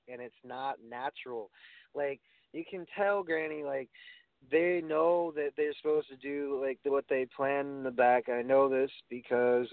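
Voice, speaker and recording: This wrestling talk show co-host is a man with a medium-pitched voice, recorded dry and phone-like. He offers blunt, profane opinions and keeps restarting his sentences.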